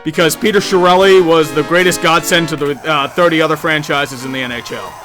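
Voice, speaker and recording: Over music, a young man with a slightly high voice and fairly even intonation chats with viewers while playing a game. He rambles, leans on sarcasm, and jokes readily.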